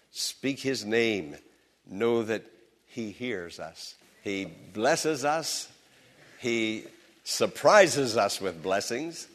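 A middle-aged man preaching a sermon as pastor in a church, his voice swelling and dropping with passion. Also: fairly low pitch. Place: church sanctuary.

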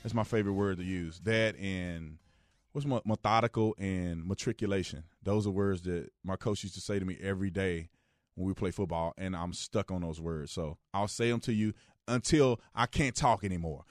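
A man hosting a radio talk show, giving casual joking opinion commentary, jumping between loud outbursts and low, quiet asides. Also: moderate pace, no echo, studio quality.

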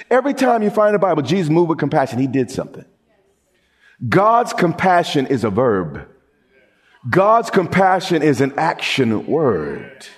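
A middle-aged male pastor preaching a sermon, stumbling over restarts and building to emphatic repeated lines. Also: a little high.

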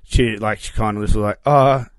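A man's voice: medium pitch, fast, no echo. An Australian man, a comedian, rambling and self-mocking as he tells stories in a casual podcast chat. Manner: rambling, self-mocking storyteller with many fillers. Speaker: comedian guest. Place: shed.

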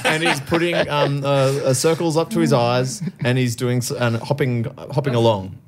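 A man's voice: mid-range voice, steady tone, normal speed, a crowd in the background. A man joking playfully in a casual comedy podcast chat, with mock-earnest asides.

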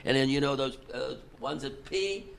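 A man, a concert promoter guest on a podcast, telling an animated story and acting out the dialogue. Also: medium pitch, normal speed, creaky, clean tone. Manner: animated, chuckles through the story, acts out dialogue.

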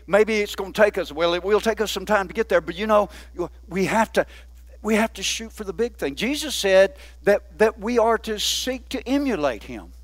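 A man preaching a sermon, often asking the congregation "Amen?" and slowing down to stress key words. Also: sits high, no room sound. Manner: call-and-response preaching with frequent "Amen?". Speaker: pastor.

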